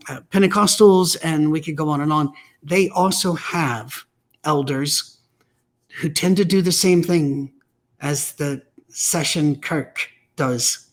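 A man's voice: on the high side, takes it slowly. A man giving a weekly preaching message, telling stories in a blunt, emphatic, conversational way. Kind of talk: weekly message on church teaching.

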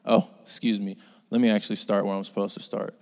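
A man preaching a sermon, speaking conversationally and sometimes rising to loud, urgent exhortation. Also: lowish voice, flat delivery, quick pace, creaky, big-room sound.

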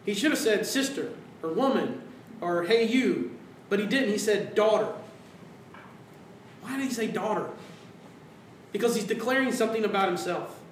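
A pastor delivers his sermon with animated swings, acting out quoted voices and falling to hushed tones. His voice sits high for a man. It carries through a roomy church sanctuary from a little distance, with a faint room hum behind. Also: moderate pace.

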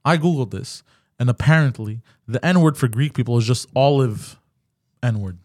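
A man's voice: medium pitch, normal speed, darkish tone. A man hosting a casual live podcast, talking loosely with slang and swearing. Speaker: podcast host. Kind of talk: casual live-stream chat.

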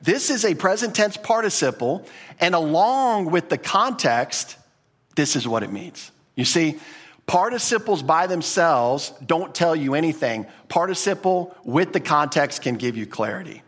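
A man's voice: fairly high pitch, lively intonation, unhurried, a bit bright, in a large hall. A man teaching a Bible class as a pastor, conversational, often repeating words and restarting. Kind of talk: teaching sermon.

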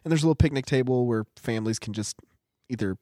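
A man in his thirties, a father of young kids, telling lively stories in casual chat and laughing along. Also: mid-range voice, fast, no room sound, clean studio sound. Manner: animated, laughing storyteller.

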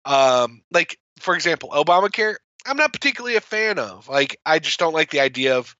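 A man's voice: on the high side, very animated, fairly quick, sharp tone, no room sound, dull audio. A man co-hosting a podcast, chatting casually about politics, rambling and repeating words. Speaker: podcast co-host.

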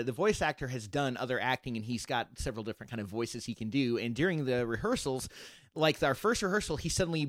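A man's voice: medium pitch, dry recording, studio quality. A man who writes and produces an audio drama, chatting casually on a podcast and rambling through his plans with frequent restarts. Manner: rambling, restarts often, animated when excited.

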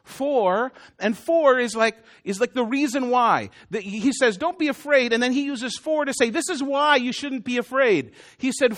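A man's voice: very high-pitched, moderate pace, hardly any pauses, a bit bright. A man preaching a sermon in a conversational way, with self-deprecating jokes and asides to the congregation. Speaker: pastor.

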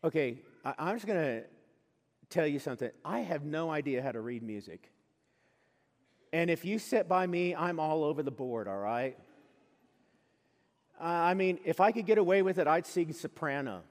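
A man preaching a sermon as pastor, earnest and conversational, dropping to soft asides and then rising to loud emphatic lines. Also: on the high side, animated, moderate pace, pauses often. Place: church sanctuary. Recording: long reverb of a church hall.

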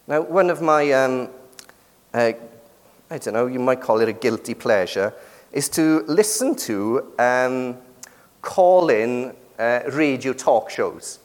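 A middle-aged British man preaches a sermon in a slow, expressive, medium-pitched voice, keeping it conversational and quizzing the congregation with frequent tag questions. The church hall lends a long reverb.

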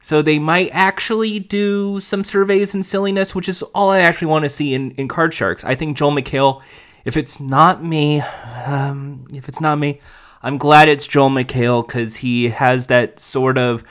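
A man hosting a podcast, talking quickly and wryly about the news with a self-mocking humor. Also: on the high side, steady tone, fairly bright tone, clean tone. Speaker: podcast host. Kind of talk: casual podcast commentary.

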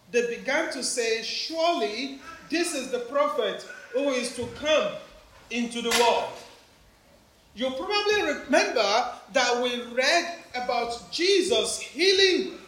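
A man's voice: very high voice, fairly bright tone. A man with an African accent preaching a family sermon in church, engaging the children and congregation with questions. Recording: very echoey church, faint background noise.

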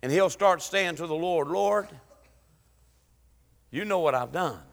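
A man preaching an impassioned church sermon, rising to shouts. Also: a little high, lively intonation, measured pace, creaky. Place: church sanctuary. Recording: long church hall reverb.

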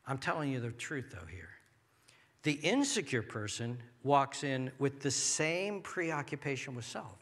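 A man preaching a sermon as pastor, animated and acting out people's inner thoughts. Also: medium pitch, a little slow, slightly rough.

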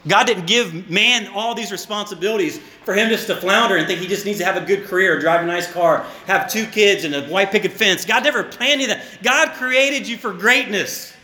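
A man preaching a sermon to his congregation, animated, with joking asides and repeated words. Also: high voice, a little fast, few pauses. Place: church hall. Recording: echoey church hall.

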